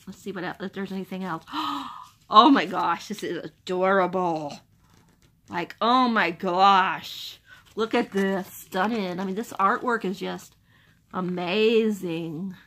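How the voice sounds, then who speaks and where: A young woman unboxing a book subscription box in casual chat, gushing and excitable. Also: mid-range voice, slow. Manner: gushing, excitable, repeats "oh my gosh".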